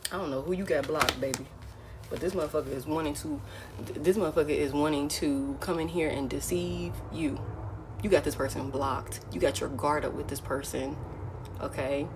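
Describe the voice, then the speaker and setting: A woman's voice: deep voice, fairly even intonation, normal speed, background noise. A woman giving a casual, frank tarot reading who keeps repeating her key phrases. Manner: repeats phrases, frank and blunt, addresses listener as baby. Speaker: tarot reader.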